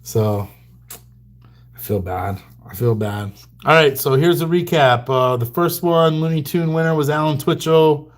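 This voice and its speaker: A man's voice: on the high side, unhurried. A man hosting a trading card livestream, telling stories in a loose, rambling way with lots of fillers and little chuckles. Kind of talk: casual livestream chat.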